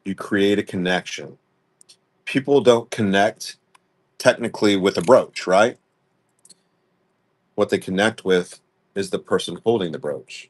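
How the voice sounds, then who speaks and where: A man's voice: low-pitched, measured pace, pauses often. A young adult man hosting a live-stream sale, talking bluntly and casually and laughing often. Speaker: live-stream jewelry seller.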